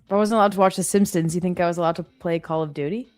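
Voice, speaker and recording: Young woman on a trading stream, lowish voice, rambly chatty storyteller, faint music behind. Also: fairly even intonation, racing, a little mellow. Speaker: live trading stream co-host. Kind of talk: casual chat.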